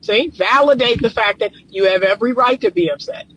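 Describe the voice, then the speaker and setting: A woman's voice: on the high side, brisk, dull audio, slight background noise. A woman as a relationship coach, talking straight to camera in a casual, emphatic, preachy way and laughing often between points. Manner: casual colloquial talk. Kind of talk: direct-to-camera advice monologue.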